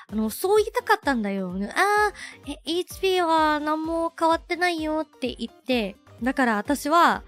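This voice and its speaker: A woman livestreamer in casual chat, bubbly and animated, with many fillers, switching between English and Japanese. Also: a little high. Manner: bubbly, animated, self-deprecating.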